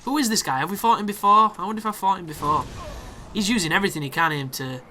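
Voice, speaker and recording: A young man commentating on his own gameplay, excitable and sweary, with sarcastic asides. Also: high-pitched, fast, a little hiss or hum. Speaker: gaming commentator.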